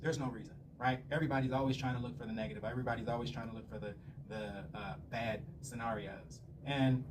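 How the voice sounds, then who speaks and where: A man's voice: mid-range voice, fairly even intonation, quick pace, few pauses. A man telling rambling, profanity-filled stories in a casual rant to the camera. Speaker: vlogger. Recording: slightly distant mic with faint room noise.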